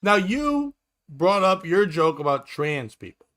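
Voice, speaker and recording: A man's voice: sits high, very animated, unhurried, a bit bright. A man, a stand-up comedian and podcast host, rambling through a story and acting out the people in it. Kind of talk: casual storytelling chat.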